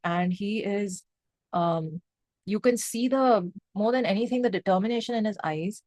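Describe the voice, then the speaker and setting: A young woman reviewing a film in casual, excitable speech, swearing freely and mixing in Hindi phrases. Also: mid-range voice, moderate pace, no room sound. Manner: emphatic, excitable, mixes Hindi phrases into English; swears freely, lots of fillers like 'um' and 'like'.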